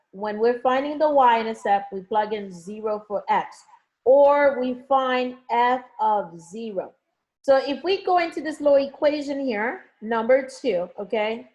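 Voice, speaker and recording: A woman's voice: fairly high pitch, darkish tone. A woman teaching math in a live online review session, coaxing students with pet names and frequent check-ins. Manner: frequent check-ins like okay and all right.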